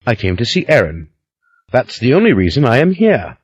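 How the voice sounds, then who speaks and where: A man's voice: mid-range voice, huge pitch swings, moderate pace, slightly rough, dry recording, muffled recording, pitched above the performer's own voice. A man reading an audiobook, voicing a blunt, defiant man who refuses to back down. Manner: terse, defiant. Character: blunt, defiant man, a former order member.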